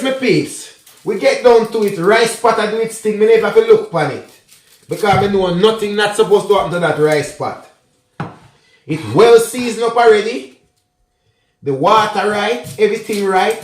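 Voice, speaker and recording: A cooking vlogger with a Jamaican accent talks casually through a tutorial in his kitchen, addressing viewers directly in patois mixed with English. His voice sits high, and the sound is roomy.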